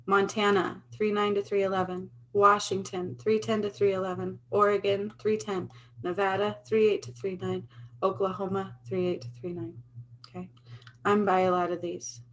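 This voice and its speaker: A woman's voice: mid-range voice, flat delivery, normal speed, slight background noise, rough recording. A woman in her thirties, talking straight to her phone camera in an earnest, emphatic way and repeating herself. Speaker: spiritual vlogger. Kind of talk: casual talk to camera.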